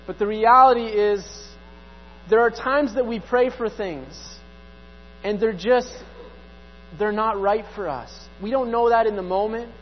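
A man preaching a sermon as pastor, conversational and repeating key phrases for emphasis. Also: extremely high pitch. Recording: dull sound, long hall reverb, mains hum.

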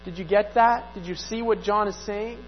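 A man's voice: high-pitched, fairly even intonation, normal speed. A man preaching a sermon as pastor, conversational and repeating key phrases for emphasis. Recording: dull sound, long hall reverb, mains hum.

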